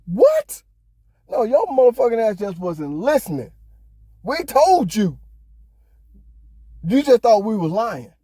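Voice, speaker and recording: A man's voice: sits high, sing-song, a little slow, pauses often, warm tone, no echo, clean studio sound. A man hosting a podcast, ranting heatedly in casual talk, swearing often. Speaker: podcast host. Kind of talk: casual opinion monologue.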